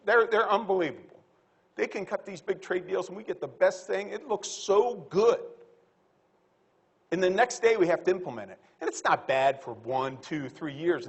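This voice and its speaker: A man speaking as a panelist at a livestock conference, blunt and folksy, animated, with quick quips. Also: sits high, breathy edge.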